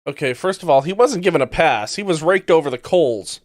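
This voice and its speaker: A man's voice: fairly high pitch, animated, a little fast, dry recording, studio quality. A man hosting a podcast who reacts to news clips bluntly and sarcastically, swearing often. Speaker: podcast host. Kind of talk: casual commentary on news clips.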